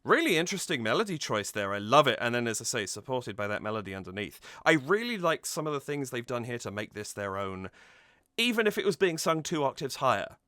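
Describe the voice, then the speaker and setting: Delighted by a song cover, this YouTuber breaks it down enthusiastically, humming and singing bits of the tune to make his points. His mid-range voice is very animated, pushed and bright, moving a little fast in a dry, studio-quality recording.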